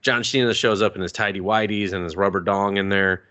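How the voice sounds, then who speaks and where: A man co-hosting a podcast, recapping a film in casual, profane chat and jumping up high in pitch for jokes. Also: fairly even intonation, fairly quick, sharp tone. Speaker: podcast co-host. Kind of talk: casual movie review chat.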